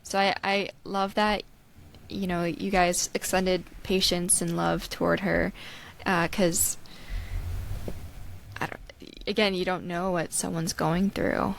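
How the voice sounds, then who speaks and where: A woman hosting an interview podcast, listening gently and responding with warm affirmations. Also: on the low side, little pitch movement, slow, gravelly, a little hiss or hum, poor audio. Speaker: podcast host. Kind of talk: interview conversation.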